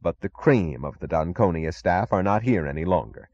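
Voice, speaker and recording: A man voicing a male radio news announcer, delivering a grave bulletin in a measured, formal manner. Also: low voice, animated, darkish tone. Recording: dull lo-fi audiobook recording.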